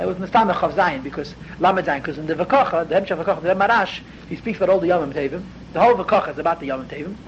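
A man teaching a Hasidic text class, explaining earnestly and growing more intense as he goes. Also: high voice. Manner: earnest, explanatory, dense with Hebrew and Yiddish terms; grows intense and raised toward the end. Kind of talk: spoken study lecture. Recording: dull lo-fi with faint background noise.

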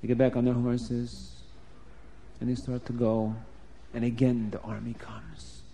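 A man telling a story to children in a lively, emphatic way, changing his voice often. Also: mid-range voice, unhurried, creaky, slight background noise.

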